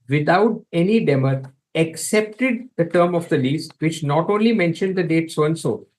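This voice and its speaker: Male advocate, formal courtroom pleading, deferential yet emphatic, slightly high voice. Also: a little mellow, low-quality recording. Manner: deferential, repeatedly saying my lord; emphatic, reads passages from documents.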